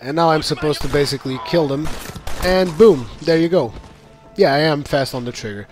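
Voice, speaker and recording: A man with a somewhat high voice narrates his own gameplay in a relaxed, chatty way. He laughs easily and acts out his own in-game reactions as he goes. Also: moderate pace, soft background music. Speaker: gameplay commentator. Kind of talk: casual gameplay commentary.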